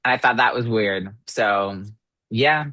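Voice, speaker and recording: A man co-hosting a podcast in casual chat, animated and swearing, his voice jumping up when exasperated. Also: lowish voice, slow pace, no echo. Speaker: podcast co-host.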